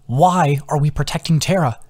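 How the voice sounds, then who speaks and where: A man's voice: a little high, moderate pace, a little mellow, voice pushed up, close to an everyday voice. A man voicing a worried young male companion who talks bluntly and swears freely. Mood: exasperated.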